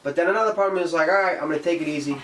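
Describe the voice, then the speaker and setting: A man in casual podcast chat, telling an animated story. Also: on the high side, racing, distant mic, a little hiss or hum. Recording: echoey room, off-mic.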